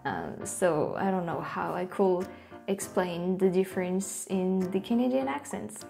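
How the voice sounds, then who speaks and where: This French-accented YouTube host, a native French speaker, has a fairly low, gravelly, dark voice with lively intonation and a measured pace. Her casual commentary is hesitant, with many fillers and restarts, and faint music plays behind her.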